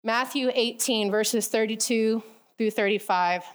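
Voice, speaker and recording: A woman preaching a casual sermon, retelling a parable with lively storytelling and acted-out voices. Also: fairly high pitch, a little slow. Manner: animated storytelling, acting out the characters.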